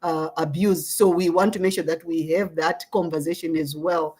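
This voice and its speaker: A middle-aged woman from Zimbabwe, a social justice advocate, answering interview questions in an earnest, measured way and often checking in with "right?". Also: low-pitched, fairly even intonation, darkish tone, breathy edge.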